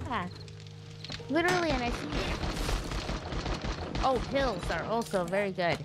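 An excitable woman streams a game live with friends. Her pitch bounces around a lot as she reacts and thanks viewers for gifts. Game music plays loudly behind her. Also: a little slow. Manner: excitable, thanking donors between game calls. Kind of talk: live gameplay chat.

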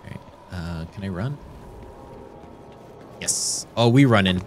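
Over game music, a man chats playfully through his let's play stream, reading the game's lines aloud in a low, animated, slow voice. There's a little hiss or hum in the recording.

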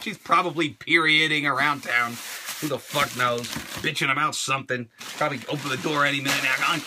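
A middle-aged man hosting a toy show, unboxing fan mail with a loud, crude, joking manner and quick silly voices. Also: on the high side, a little hiss or hum.

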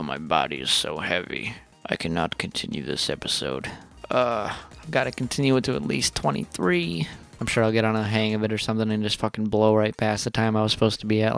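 A man with a fairly low voice talks through a video game session, muttering to himself and cursing at the screen in sudden bursts. His commentary is casual and annoyed, and faint game music plays behind him. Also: a bit bright. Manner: profane, frustrated muttering with sudden outbursts. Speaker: gaming channel host.

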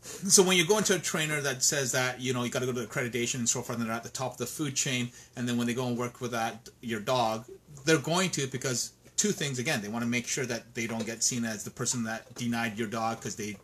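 Frustrated man with a bright, forceful voice. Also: mid-range voice, fairly even intonation, quick pace, husky. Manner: frustrated, indignant, many restarts. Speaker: dog trainer. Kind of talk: emphatic interview talk.

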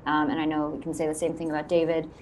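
A young woman hosting an online Q&A on a video call, friendly and quick to laugh. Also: deep voice, monotone, darkish tone, slight background noise. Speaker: host.

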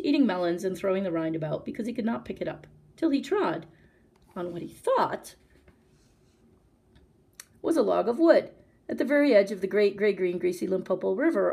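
Husky, gravelly woman reading a story. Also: medium pitch. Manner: expressive, addresses listener directly. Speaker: librarian reading to children. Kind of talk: storytime read-aloud.

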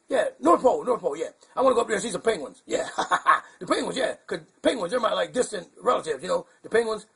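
A man's voice: high voice, creaky, fairly bright tone, breathy edge, full character voice. A man voicing a goofy, confused male bird puppet who rambles in a muddled, chuckling way on a puppet comedy show. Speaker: hand puppet co-host.

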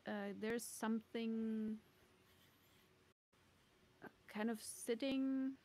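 A woman's voice: fairly high pitch, steady tone, very slow, dark tone, a little hiss or hum. A woman narrating a tabletop game as game master, hesitant and full of fillers. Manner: hesitant, filler-heavy, laughs often. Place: home streaming setup.

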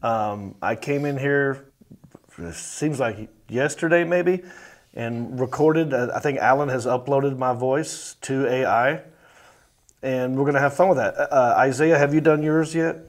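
A man's voice: medium pitch, unhurried. A man hosting a comedy podcast, talking in a playful, mock-indignant way and stretching out his sign-offs. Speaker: podcast host. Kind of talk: casual comedy podcast chat.

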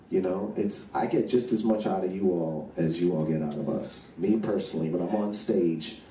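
A man with a fairly low voice gives a loose, rambling pep talk to an audience of fans. He stumbles and repeats words as he goes. He is recorded from a distance in an echoey space, with faint noise behind. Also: dark tone. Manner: rambling, repeats words, laughs at own stories. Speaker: speaker addressing fans on stage. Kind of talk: motivational talk to a live audience.

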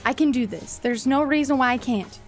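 A woman's voice: high-pitched, fairly quick, faint music behind. A young woman giving emotional live commentary on a game she is streaming, exclaiming, pleading and swearing.

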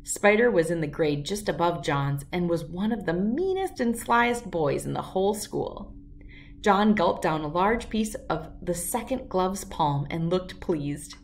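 A woman reading a children's chapter book aloud, telling the story in a clear, expressive way. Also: on the low side, a little slow, distant mic, slight background noise.

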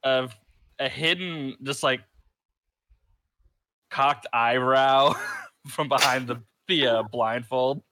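A man playing a tabletop game, describing his character's actions in halting phrases. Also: medium pitch, fairly even intonation, bright, forceful tone, a little hiss or hum. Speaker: player.

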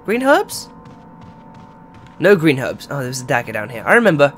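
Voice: medium pitch, sing-song, moderate pace, soft background music. A game streamer giving live gameplay commentary, chatting to viewers and yelping when startled. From England. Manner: chatty, talks to the chat, yelps and shouts when startled.

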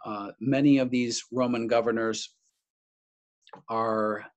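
A man's voice: medium pitch, steady tone, slow. A man lecturing on history, speaking off the cuff, restarting phrases and stressing key names.

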